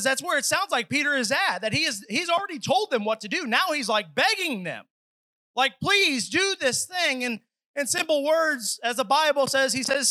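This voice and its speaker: A man with a very high, bright voice preaches a sermon at a church service. He is earnest and dramatic, slipping into pleading voices, and the sound is dry and close. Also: no room sound, low-quality recording.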